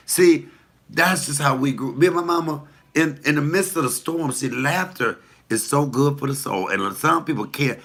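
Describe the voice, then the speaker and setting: A man's voice: a little high, normal speed, fairly bright tone. A comedian talking casually to the camera, blunt, profane and preachy as he tells stories and gives advice.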